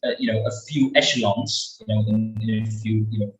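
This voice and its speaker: A low-voiced man, giving a webinar talk with lots of fillers and repeats. He sits back from the mic in an echoey room. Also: level tone, fairly quick, far from the mic, faint music behind. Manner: rambling, many fillers and repeats. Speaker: webinar speaker on English accents.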